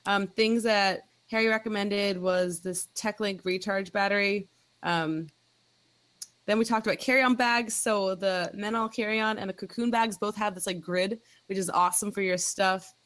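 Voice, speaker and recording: A woman's voice: medium pitch, steady tone, normal speed, a bit bright. A woman hosting a podcast, chatting in an upbeat way and summing up tips. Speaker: podcast host. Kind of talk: casual podcast chat.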